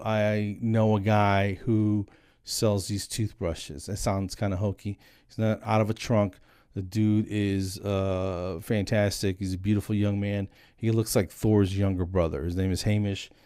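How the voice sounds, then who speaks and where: A man's voice: on the low side, a little mellow, no room sound, clean studio sound. A man in his forties rambling through a casual solo vlog monologue with self-deprecating jokes, filmed on a single static camera. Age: 40s. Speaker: comedian and dental hygienist.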